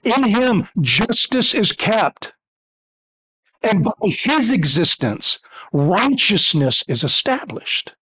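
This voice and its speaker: A man with a fairly high voice preaches a sermon. He speaks emphatically, stacking repeated phrases as he builds each point. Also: sing-song, slow, sharp tone, slightly rough. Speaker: pastor.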